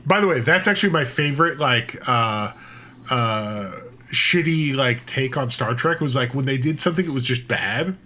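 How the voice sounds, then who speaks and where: Casting: male podcast co-host, mid-pitched, rambling and profane, casual chat. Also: normal speed, a little hiss or hum. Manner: animated, profane, rambling with restarts.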